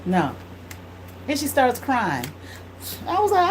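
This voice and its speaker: A woman tarot reader telling a blunt, animated story in casual speech, swearing freely. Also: sits high, slow, slight background noise, poor audio.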